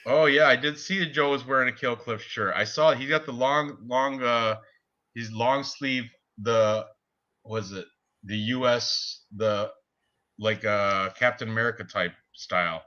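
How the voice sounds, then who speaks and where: A man co-hosting a casual sports betting chat, talking excitably and laughing at his own jokes. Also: mid-range voice, a little slow, dull audio. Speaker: podcast co-host.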